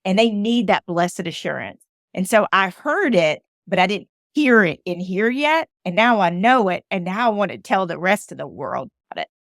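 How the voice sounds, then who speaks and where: A woman's voice: medium pitch, big pitch swings, normal speed, no echo, studio quality. Emphatic woman telling a story. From Alabama, USA. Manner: emphatic, repeats phrases for emphasis. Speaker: motivational speaker. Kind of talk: personal storytelling monologue.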